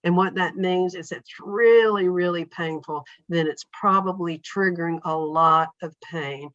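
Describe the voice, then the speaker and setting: Woman, podcast guest, reflective, acts out inner thoughts, lowish voice, dull dry recording. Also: unhurried, a bit bright, dry recording. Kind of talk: reflective conversational interview.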